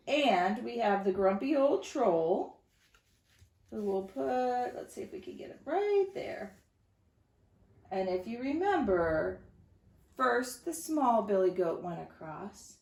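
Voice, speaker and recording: A woman leads a storytime lesson for young children from her home. She speaks slowly in a bright, sing-song voice with a gravelly edge, pausing to ask her listeners questions. Her voice echoes around the room. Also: a little high. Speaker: teacher reading to children.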